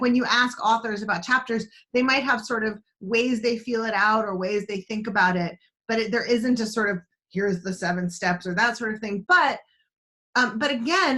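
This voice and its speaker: A woman's voice: on the high side, sharp tone. Chatty woman teaching an online writing class. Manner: chatty, rambling, many restarts. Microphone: video call.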